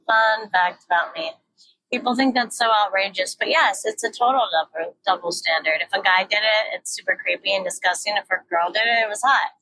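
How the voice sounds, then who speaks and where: A woman's voice: medium pitch, moderate pace, sharp tone, rough recording. A young woman talking candidly in a frank, joking, often profane monologue, recorded on a phone while she drives her car. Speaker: vlogger.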